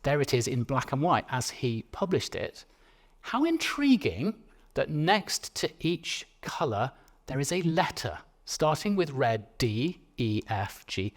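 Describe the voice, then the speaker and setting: A man lecturing to an audience. He talks conversationally and playfully, and often breaks off mid-phrase to restart a sentence. His voice sits at an ordinary middle pitch. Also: sing-song, a little slow. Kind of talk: public lecture.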